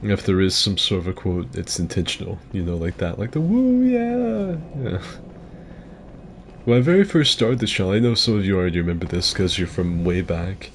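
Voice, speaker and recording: A man's voice: low-pitched, lively intonation, fast, few pauses, a little hiss or hum. A man rambling casually as he comments on his own gameplay, with loose filler-heavy talk and swearing. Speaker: gaming streamer.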